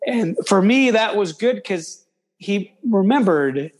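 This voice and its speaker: Slow, high-voiced man. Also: expressive, darkish tone. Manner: halting, with many fillers and restarts. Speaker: podcast guest. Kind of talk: casual chat.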